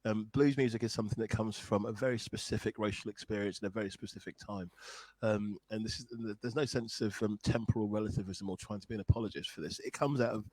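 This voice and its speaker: A man's voice: fairly low pitch, steady tone, quick pace, few pauses, a little mellow, poor audio. A man, a guest songwriter and blues musician, talking thoughtfully and earnestly in a conversation. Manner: earnest, thoughtful, searching for words. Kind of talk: reflective conversation.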